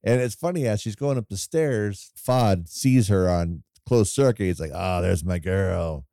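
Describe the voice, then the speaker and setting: A man co-hosting a casual film discussion podcast, retelling scenes in a rambling, animated way and acting out quoted lines. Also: on the low side, normal speed, no echo, clean studio sound. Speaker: podcast co-host.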